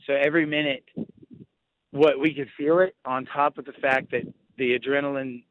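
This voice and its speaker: A young man calling in by phone, retelling a frightening night in halting, restart-filled speech. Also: mid-range voice, steady tone, no room sound. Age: young adult. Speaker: phone-in guest. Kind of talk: emotional first-hand account. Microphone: phone call. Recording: muffled phone line.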